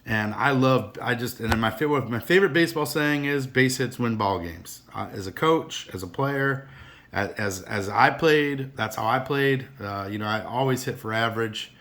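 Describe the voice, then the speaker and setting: A man's voice: medium pitch, normal speed, a bit bright. A middle-aged man chatting casually to camera about his collection, rambling and earnest with many restarts. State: emotional, teary. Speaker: card collector vlogger.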